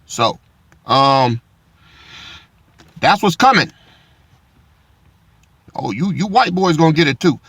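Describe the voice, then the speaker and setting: Profane bright-voiced man ranting. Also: on the high side, big pitch swings, slow, long pauses, slightly rough, no echo. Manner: loud, swearing, heated. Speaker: commentary streamer. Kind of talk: profane casual commentary.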